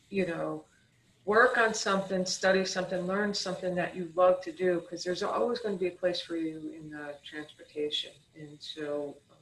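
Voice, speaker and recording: A woman's voice: fairly low pitch, a bit bright, slight background noise. A woman keynote speaker answering panel questions casually, with many fillers. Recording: echoey, distant video call audio.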